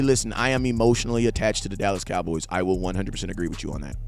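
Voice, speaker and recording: A young man hosting a sports fan live stream, talking casually and bluntly in slang, answering chat, often building to impassioned near-shouting. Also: fairly low pitch. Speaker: sports fan show host.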